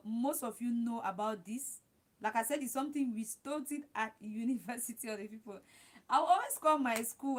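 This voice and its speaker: A woman hosting a casual livestream, giving advice and repeating her points while talking straight to her viewers. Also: fairly high pitch. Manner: repetitive, talks straight to viewers as "guys". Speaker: livestream host.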